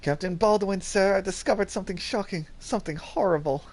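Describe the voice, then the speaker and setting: A man doing a high-voiced earnest young guard. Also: fairly quick, a little mellow. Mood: alarmed. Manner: high, eager, formal speech.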